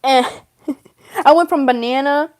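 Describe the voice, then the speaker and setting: Giggly high-voiced young woman rambling. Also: a little slow, darkish tone. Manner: giggly, rambling, lots of fillers and laughs. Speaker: vlogger role-playing a game character. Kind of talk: casual in-character rambling.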